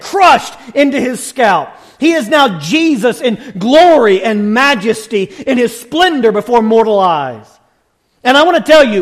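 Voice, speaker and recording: A male preacher delivering a sermon in rhythmic, building parallel phrases, with emphatic rises to shouts at the climaxes. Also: extremely high pitch.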